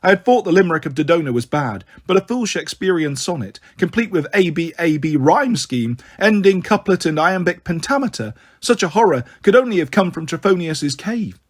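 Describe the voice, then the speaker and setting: A man's voice: on the high side, a little fast, few pauses. Man narrating an audiobook expressively. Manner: expressive, dramatic first-person reading. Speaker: storyteller.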